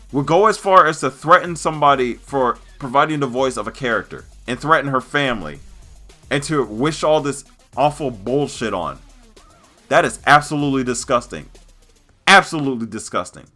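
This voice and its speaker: A man in a gaming vlog rant, his voice a touch high and bright and forceful. He is heated and fired up, swears freely and hammers home each point by repeating it. Faint music plays under him. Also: expressive, normal speed. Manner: heated, swearing, emphatic repetition. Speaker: gaming YouTuber. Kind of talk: angry ranting vlog.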